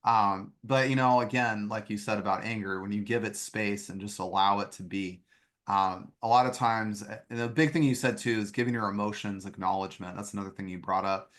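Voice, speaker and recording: A man's voice: fairly low pitch, steady tone, brisk, a bit bright. A man hosting a podcast interview, talking in an earnest, reflective way with frequent "um" fillers. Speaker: podcast host.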